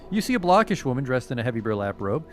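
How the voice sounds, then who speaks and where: A man's voice: mid-range voice, very animated, quick pace, faint music behind. A man streaming a video game, reading the on-screen text aloud with casual, swearing commentary.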